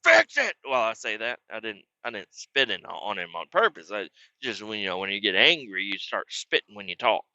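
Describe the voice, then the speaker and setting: A man's voice: fairly quick, no echo, lo-fi sound. A man with a Southern US accent telling a crude, rambling comic story. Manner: rambling, crude, acts out quotes in loud high voices. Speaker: comedic storyteller. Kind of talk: comedic character monologue.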